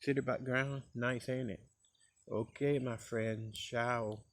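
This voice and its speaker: A man's voice: medium pitch, steady tone, slow pace, slight background noise. A middle-aged man from Costa Rica with a Costa Rican Caribbean Creole English accent, rambling easily in a casual recorded message. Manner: rambling and easygoing, with many fillers. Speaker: speaker sending a recorded message to a friend.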